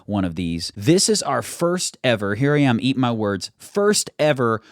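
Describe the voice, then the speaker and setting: His mid-range voice swings widely in pitch at a normal speed as this young American talks casually to his YouTube audience. It's a self-deprecating, chatty vlog monologue recorded echo-free in his home studio, and his mild general American accent carries only a faint regional trace.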